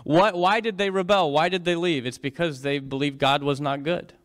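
Preacher, male, fairly high voice, dramatic storyteller who keeps asking the congregation questions. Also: fairly even intonation, moderate pace, a bit bright. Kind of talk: sermon.

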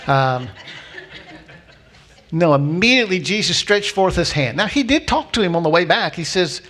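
A pastor with a voice slightly higher than most men's preaches a sermon, telling the story with great energy and acting out its characters' voices. Very animated and fairly bright in tone, he slows down to repeat his key lines for emphasis.

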